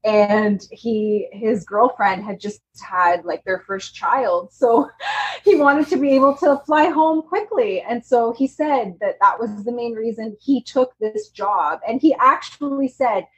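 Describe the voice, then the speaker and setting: A Canadian woman co-hosts a casual podcast chat, speaking emphatically and laughing often. Her voice sits on the high side and her pace is unhurried. The audio quality is poor.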